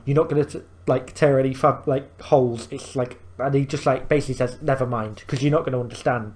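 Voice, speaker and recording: A man's voice: medium pitch, darkish tone. A man hosting a reaction video, explaining things in rambling casual commentary full of fillers and restarts.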